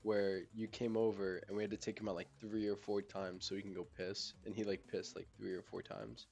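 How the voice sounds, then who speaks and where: A young man chats loosely on a podcast, stopping and restarting his thoughts. His voice sits a little low. Faint music plays behind him. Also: flat delivery, fairly quick, gravelly, a little mellow. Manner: rambling and laid-back, with lots of fillers and restarts. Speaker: podcast host. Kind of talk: casual chat.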